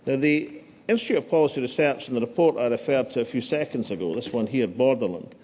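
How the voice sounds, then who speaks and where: A man's voice: medium pitch, fast, a little mellow. A middle-aged Scottish man giving an after-dinner speech to a hotel audience, with dry humour and frequent "uh" hesitations. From Scotland. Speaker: political speaker at a dinner. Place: hotel function room. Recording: long hall reverb.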